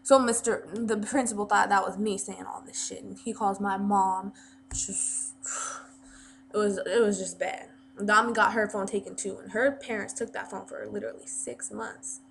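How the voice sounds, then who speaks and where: A woman's voice: mid-range voice, steady tone, normal speed, gravelly, slight background noise. A woman vlogger telling a story casually, rambling with plenty of fillers and restarts.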